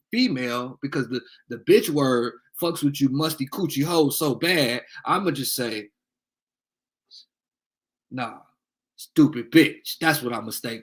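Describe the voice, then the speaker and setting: A man's voice: a little high, a bit bright. A young man on a heated livestream rant, angry and profane, taunting commenters. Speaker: livestream host.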